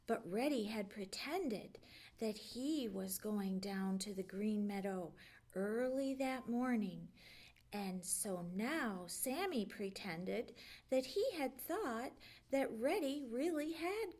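A woman librarian reading a children's storybook aloud with gentle, expressive storytelling. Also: a little high, slow pace.

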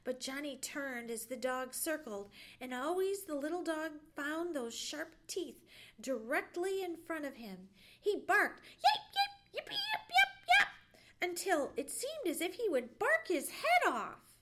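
A woman librarian reading a bedtime story aloud with expressive storytelling. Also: high voice, measured pace, slight background noise. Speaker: children's librarian.

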